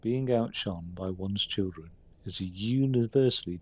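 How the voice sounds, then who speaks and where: A man's voice: on the low side, moderate pace, hardly any pauses, a little mellow, slightly rough, muffled recording. A man streaming a game live, reading the characters' lines aloud and commenting between them.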